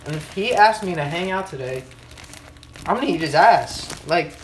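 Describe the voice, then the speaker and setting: Young man, casual podcast host, profane, rambling, loud bursts, echoey room, noisy background. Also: a little high, animated, normal speed. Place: at home, in his room and kitchen.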